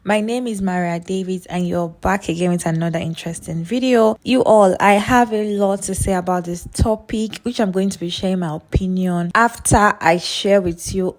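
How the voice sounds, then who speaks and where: A woman's voice: mid-range voice, moderate pace, few pauses. A woman from Nigeria hosting her YouTube channel, talking straight to her viewers in a friendly way. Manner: friendly direct address to viewers. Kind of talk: vlog introduction.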